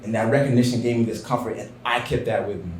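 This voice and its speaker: Guy telling a true story onstage, earnest, goes quiet at the soft parts, echoey room with faint hum. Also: medium pitch, fairly even intonation, fast. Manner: earnest, drops to a hushed voice in tender moments. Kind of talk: live personal storytelling. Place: small theater stage. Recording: roomy live theater sound.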